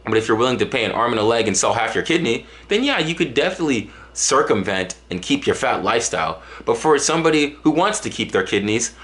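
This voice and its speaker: A man from Dallas rambles cheerfully to camera, piling up jokes and exaggerations. His pitch swings widely as he talks, at an ordinary middle height. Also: expressive, fast talker, hardly any pauses, a bit bright. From Dallas, Texas. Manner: joking, exaggerated, rambling with restarts. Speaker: vlogger. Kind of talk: casual comedic monologue to camera.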